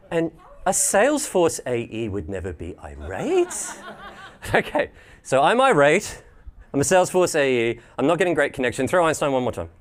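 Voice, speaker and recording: An animated Australian man presents live to a room of attendees. He jokes and restarts his sentences. His pitch sits in the middle and moves widely up and down. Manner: animated and joking, with many restarts. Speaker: presenter at a tech event.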